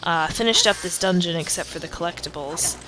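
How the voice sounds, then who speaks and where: A sleepy young woman giving casual commentary over her gameplay, yawning and halting between fillers. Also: fairly low pitch, noisy background. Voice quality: drowsy, halting with many fillers. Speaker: let's play commentator. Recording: game music behind voice. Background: game music.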